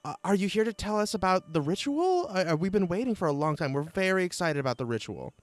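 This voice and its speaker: A man voicing an eager young woman druid cultist who gushes with excitement. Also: sits high, fast talker, voice pushed up. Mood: gushing. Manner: gushing, breathless excitement.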